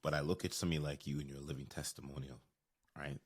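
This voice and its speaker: Sex: man. Role: podcast host. Pitch: extremely deep. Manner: earnest and measured. Style: interview reflection. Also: flat delivery, breathy edge.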